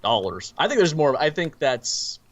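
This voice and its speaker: A man's voice: medium pitch, lively intonation, normal speed. A man co-hosting a live-streamed movie review podcast in casual chat, easygoing and a bit distracted as he looks things up while talking. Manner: easygoing and distracted, searching online mid-talk. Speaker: podcast co-host.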